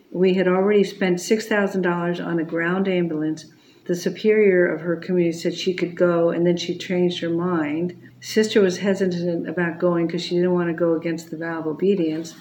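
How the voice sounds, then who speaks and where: A woman's voice: on the low side, darkish tone, a little hiss or hum, rough recording. A middle-aged woman, a Catholic religious sister, telling a personal testimony in an earnest, storytelling way. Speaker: Catholic religious sister and pro-life speaker.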